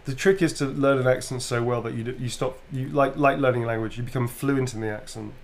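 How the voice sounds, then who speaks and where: A man's voice: mid-range voice, quick pace. A British man, a voice actor, chatting casually on a livestream about voices and accents while signing autographs. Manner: relaxed, demonstrates voices, swears casually.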